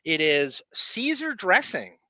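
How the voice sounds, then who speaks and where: Bright-voiced Long Island man, rambling. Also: sits high, very animated, slow, low-quality recording. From Long Island, New York. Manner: rambling, jokey, many fillers and restarts. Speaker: podcast co-host. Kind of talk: casual chat.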